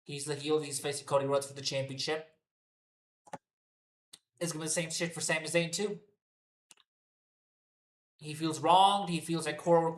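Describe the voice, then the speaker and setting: A man ranting through an unscripted wrestling review, swearing freely and sounding fed up. His voice sits a little higher than most men's. It bounces around an echoey room. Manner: profane, exasperated ranting. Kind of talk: unscripted solo rant review.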